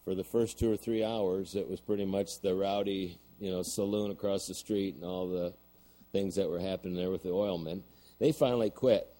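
A man's voice: sits low, fairly even intonation, normal speed, mellow, low-quality recording. A middle-aged man preaching a sermon, telling a story and then building to emphatic points. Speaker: pastor.

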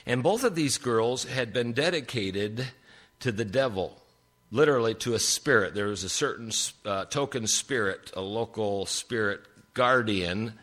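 An older man preaching a sermon, telling stories with big swings in pitch for emphasis. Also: a little slow, a bit bright.

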